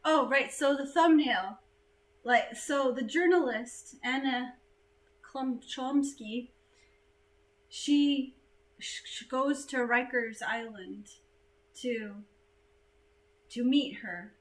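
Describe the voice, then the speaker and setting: A woman from the United States hosting a casual livestream chat, chatty and animated, laughing easily. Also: high voice, slow, pauses often, rough recording.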